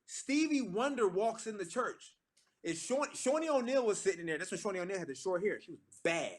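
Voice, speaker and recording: A gospel singer in his thirties, speaking fairly quickly in a high-sitting voice, tells a story to a church audience. His delivery is lively and slangy, and he acts out the lines he quotes.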